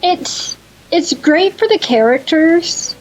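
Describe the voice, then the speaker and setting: A woman guest on a podcast, chatting casually about video games in a relaxed, blunt, opinionated way. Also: very high voice, slow, low-quality recording. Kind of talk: casual gaming chat.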